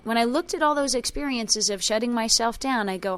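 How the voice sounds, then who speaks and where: A woman leading a spiritual workshop, telling emotional personal stories with quoted dialogue and chanting a repeated clearing phrase. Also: on the high side, brisk, a bit bright. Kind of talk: talk to a group.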